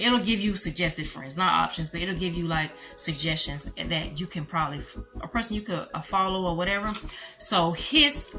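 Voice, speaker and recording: A bright, forceful woman speaking tells a storytime vlog to her viewers, her pitch swinging high and low as she goes. Soft music plays behind her. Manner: animated, talks straight to viewers, calls them y'all. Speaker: vlogger.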